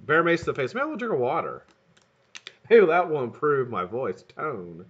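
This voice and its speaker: Animated, bright-voiced livestream host man. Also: on the high side, moderate pace, husky, lo-fi sound. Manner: swears freely, calls viewers man and brother. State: voice sounding rough or hoarse. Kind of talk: casual live chat greeting viewers.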